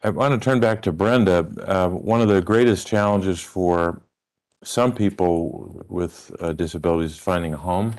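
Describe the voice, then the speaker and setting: Very deep-voiced man chairing a hearing. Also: darkish tone. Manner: measured, deliberate questioning with repeated emphasis. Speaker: committee chair.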